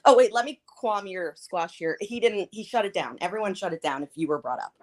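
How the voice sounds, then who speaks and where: Female livestream guest, giggly storyteller, lively pitch. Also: a little fast. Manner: giggly, animated, acts out quotes. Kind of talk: casual storytelling chat.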